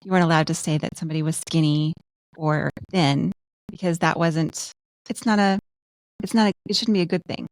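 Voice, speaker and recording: Lowish-voiced woman dentist chatting earnestly. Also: fairly quick, a little mellow, dry recording. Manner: earnest, storytelling with quoted examples. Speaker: podcast co-host, dentist. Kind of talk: casual conversational chat.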